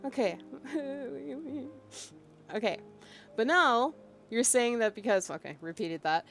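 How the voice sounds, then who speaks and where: A woman's voice: high-pitched, slow pace, a bit bright, soft background music. A woman streaming as a VTuber, casually venting as she reads out a chat log, exasperated and emphatic with lots of fillers. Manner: exasperated and emphatic, with frequent fillers and bursts of laughter.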